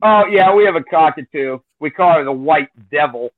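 A man talks in a casual, hesitant drawl and leans on fillers between thoughts. His voice sits a little high and comes through a thin, phone-like channel. The sound is dry and close, with no room around it. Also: normal speed, dry recording. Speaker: guest, chinchilla breeder. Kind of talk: casual chat.

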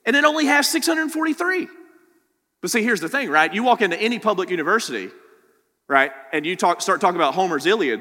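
Male pastor, fairly high bright voice, chatty teaching sermon with lots of "right?" asides, long hall reverb. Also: big pitch swings, fast. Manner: conversational teaching, frequent "right?" tag questions.

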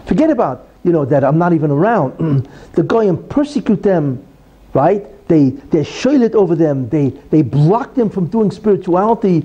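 Man teaching a Torah lesson, lively rising and falling pitch, dark husky tone, conversational, rhetorical questions. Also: normal speed, muffled recording. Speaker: religious teacher.

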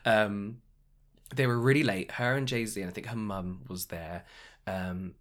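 A man's voice: on the low side, fairly even intonation, unhurried, fairly bright tone. A man telling rambling workplace anecdotes in casual chat. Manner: rambling anecdotal storytelling, many fillers.

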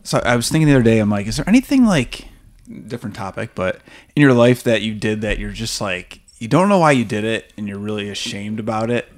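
A man's voice: lowish voice, lively intonation, quick pace. A man co-hosting a podcast, asking questions and telling a childhood story in casual chat. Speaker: podcast co-host.

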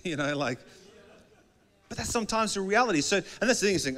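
A man's voice: sits high, very animated, fairly quick, fairly bright tone. A male pastor preaching a sermon in a conversational way, often acting out small dialogues.

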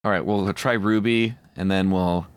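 A man's voice: deep voice, fairly even intonation, normal speed, heavy background noise. A man co-hosting a casual prank-call podcast, joking and rambling. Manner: joking, rambling, puts on silly voices. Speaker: podcast co-host.

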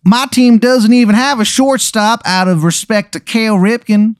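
A man playing a dim, brash male baseball coach with an exaggerated Maryland accent and a high, drawling voice. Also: normal speed, clear, resonant tone, no echo, clean studio sound, lightly acted. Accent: Maryland (exaggerated, put on).

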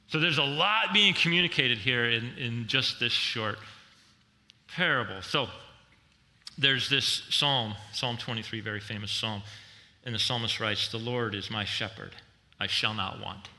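A middle-aged man preaching a sermon as a pastor, swinging between loud emphatic lines and soft, slow reflective passages. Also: mid-range voice. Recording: long reverb in a large hall.

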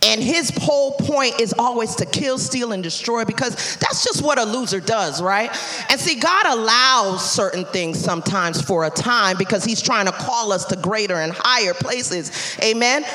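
A woman pastor preaching a sermon, telling a story and building to loud calls toward the end. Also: a little high, lively intonation, normal speed. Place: church sanctuary. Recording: live church hall with long reverb.

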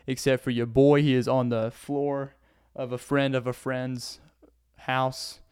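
This is a young man with a smooth, resonant voice of middling pitch, hosting a casual podcast by himself. He rambles along in an upbeat, chatty way. The recording is dry and close, with no room sound. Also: level tone, measured pace, darkish tone, dry recording. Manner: rambling, upbeat, self-promoting. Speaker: podcast host and comedian. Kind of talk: casual solo podcast chat. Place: a friend's house, indoors.

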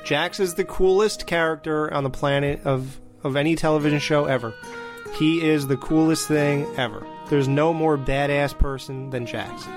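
A man's voice: a little high, moderate pace, over music. A man in casual chat reviewing a TV show, talking animatedly and acting out scenes. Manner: animated, mimics scenes with swearing.

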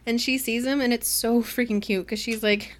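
A woman co-hosting a casual book club podcast, retelling scenes in an animated way and acting out the characters' lines. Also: a little high, normal speed. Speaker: podcast co-host.

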